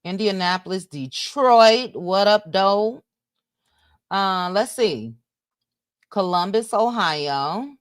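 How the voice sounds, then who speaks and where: Slow-talking woman hosting a casual livestream. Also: mid-range voice, expressive, no room sound, clean studio sound. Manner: chatty, reads out loud while talking to viewers. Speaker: livestream host.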